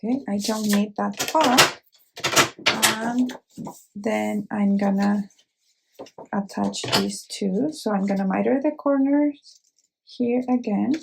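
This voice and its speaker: A woman hosting a craft tutorial, explaining each step slowly and carefully with small fillers, an English speaker. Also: mid-range voice, vocal fry, very noisy.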